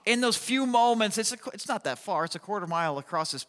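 A man preaching a sermon, telling a personal story in an animated, chatty way with lots of fillers. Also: high voice, fast talker. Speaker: pastor. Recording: long hall reverb.

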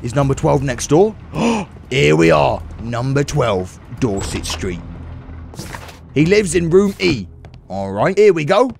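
A man's voice: on the high side, very animated, slow pace, creaky, pauses often, slight background noise. A man in a let's-play commentary, goofy and joking, putting on a British accent and silly voices. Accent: British put-on. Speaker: gaming video host. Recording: commentary over game music.

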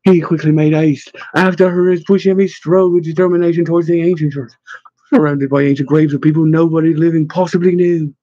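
A man reading a story aloud in measured, expressive narration. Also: a little high, no room sound, lo-fi sound. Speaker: audiobook narrator. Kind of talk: scripted narration.

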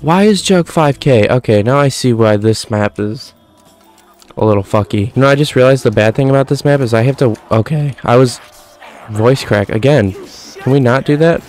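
A young man in his twenties talks through a zombie game in a loose, rambling way, padding nearly every sentence with "folks" and "quite frankly." His pitch sits in a middle range, and faint game music plays behind him. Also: brisk, darkish tone. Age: 20s. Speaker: gaming commentator. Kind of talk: casual gameplay commentary.

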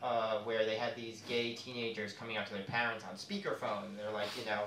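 A man doing a stand-up comedy set on stage, quick and jokey, breaking into silly put-on voices. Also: lowish voice, flat delivery, fairly bright tone, slight background noise. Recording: echoey hall, from a distance.

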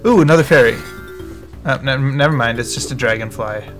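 A young man casually commenting on his own gameplay as a let's play host, chatty and quick to react. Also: mid-range voice. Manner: excitable, chatty, reacts loudly to the game. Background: game music.

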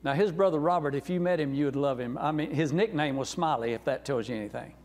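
A man from North Carolina, preaching as a guest, races through his testimony in a slightly high voice. He is a warm and earnest storyteller with a folksy touch, recorded in an echoing church sanctuary.

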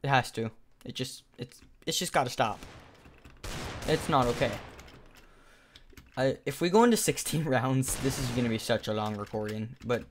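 A young man narrates his video game round live from his desk mic, in a casual, talky way. He swings between excitable play-by-play and dry sarcasm at his teammates. Faint clicks and gunfire hum underneath. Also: mid-range voice, moderate pace, long pauses. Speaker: gaming YouTuber. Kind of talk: live gameplay commentary.

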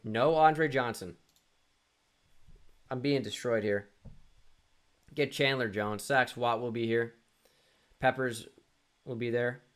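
A young man at a desk mic, talking to himself as he plays through a quiz. His voice sits in an ordinary middle pitch, and he mutters, restarts and teases himself about his own misses. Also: slow, long pauses. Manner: muttering, self-deprecating, thinking aloud with frequent restarts. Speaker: gaming YouTuber. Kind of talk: casual self-talk while playing a sports quiz.

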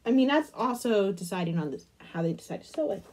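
A woman chatting casually in a crochet vlog, gushing over a pattern book and trailing off into soft murmurs. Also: medium pitch, animated, fast, slight background noise. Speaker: crochet vlogger.

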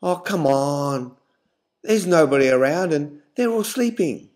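A wheedling young boyfriend pleads over and over, slow and drawn out, as a male joke-teller puts him on. He sounds pushy and needy. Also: a little high, expressive, darkish tone. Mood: coaxing. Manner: coaxing, begging.

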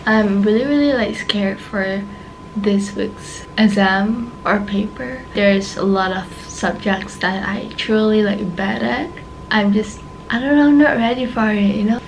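A woman's voice: mid-range voice, a little slow, low-quality recording. A teenage woman with a Malaysian English accent, vlogging in a chatty, giggly way and slipping between English and Malay. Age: late teens. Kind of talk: casual vlog talk. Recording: faint background noise.

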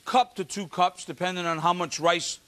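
A man's voice: sits high, fairly even intonation, moderate pace, sharp tone. A man hosting a live cooking show, chatting and joking with the studio audience as he demonstrates a recipe.

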